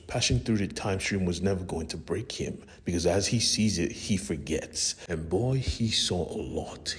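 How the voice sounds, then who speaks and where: Low, crisp-voiced man recapping a comic. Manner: casual, slangy, talks straight to the viewer. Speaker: comic book recap host. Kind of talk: casual comic recap narration.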